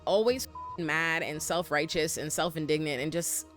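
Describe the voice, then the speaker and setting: Woman, low voice, comedic recap, slangy, profane, faint background music. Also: normal speed. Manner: animated, slangy, profane retelling. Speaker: show recap commentator.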